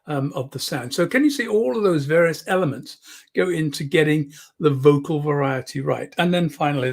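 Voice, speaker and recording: A man's voice: on the high side, gravelly, darkish tone, husky. A man teaching public speaking in an online lesson, demonstrating shifts in volume and emphasis close to the microphone. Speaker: speaking coach. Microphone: close microphone, moves in and out.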